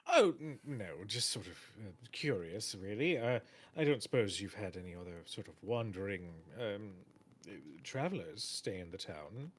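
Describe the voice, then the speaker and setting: A man playing a tabletop game who asks halting questions in character. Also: on the low side, lively intonation. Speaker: player. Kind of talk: tabletop role-play.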